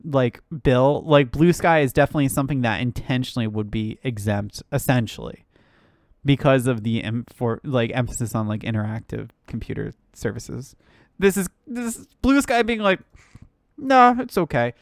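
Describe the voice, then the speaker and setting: A woman's voice: very deep voice, lively intonation, moderate pace, darkish tone, dry recording, clean studio sound. A woman streamer ranting about the news in casual live commentary, swearing, laughing and filling her talk with "like".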